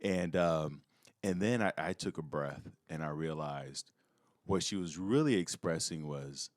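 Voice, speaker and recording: Deep-voiced man, animated podcast guest. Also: a little slow, no echo, studio quality. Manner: animated, acts out quoted lines. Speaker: podcast guest, comedian and life coach. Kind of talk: casual podcast chat.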